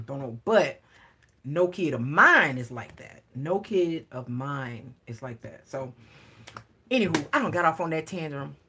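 A woman's voice: medium pitch, fairly bright tone, slightly rough. A woman, telling stories in a casual, playful chat for her vlog and swearing lightly in a slangy way. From Atlanta, US South. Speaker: vlogger.

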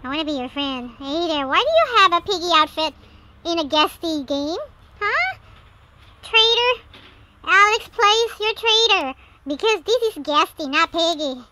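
A woman giving excited let's-play commentary on a game, with frequent gasps and shrieks. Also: very high-pitched, a little hiss or hum. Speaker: gameplay commentator.

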